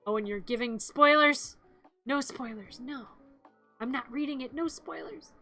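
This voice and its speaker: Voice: high voice, measured pace, sharp tone, soft background music. A streamer chatting casually on a live stream, in a playful, giggly way, acting out zombie growls and screams.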